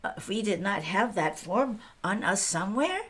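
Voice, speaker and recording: A woman storyteller playing a plainspoken Chinese American pioneer woman with a Chinese accent, breathy and quick to laugh, chatting straight to her audience. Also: medium pitch, lively intonation, fairly bright tone. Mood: chatty. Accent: Chinese-accented English. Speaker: storyteller in character. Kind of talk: first-person historical character monologue.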